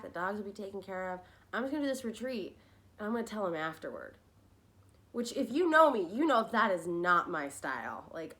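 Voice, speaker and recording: A woman's voice: medium pitch, a bit bright. Chatty woman podcast host, rambling. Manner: chatty, rambling, frank, with tangents and quick laughs. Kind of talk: casual personal storytelling monologue.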